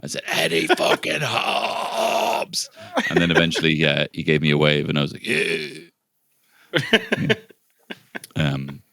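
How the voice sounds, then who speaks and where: A deep-voiced man co-hosting a comedy podcast, telling rambling stories and cursing freely. His voice sits very low and the recording is close and dry. He tends to burst into loud, high impressions mid-story. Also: fast, clean tone, no echo. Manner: animated storyteller, swears freely, breaks into high shouted impressions. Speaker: podcast co-host. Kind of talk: casual comedic chat.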